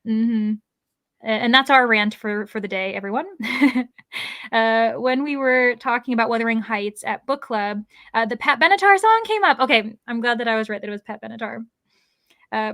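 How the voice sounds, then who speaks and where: Woman host on a reading livestream, kinda high voice, says "like" constantly, dry mic. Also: fairly bright tone, dry recording. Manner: chatty, many "like"s and laughs. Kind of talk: casual livestream chat, reading comments aloud.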